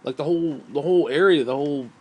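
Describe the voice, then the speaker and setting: A man's voice: on the high side, fast, warm tone, slightly rough. A man talking through a profane, rambling vlog monologue, short of breath and sighing often. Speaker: vlogger.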